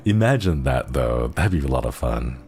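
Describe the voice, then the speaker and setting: A man's voice: rumbling low, very animated, normal speed, darkish tone, soft background music. A young man streaming as a virtual idol, chatting casually in a rambling way full of fillers and giggly asides. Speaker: VTuber streamer. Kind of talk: casual chat.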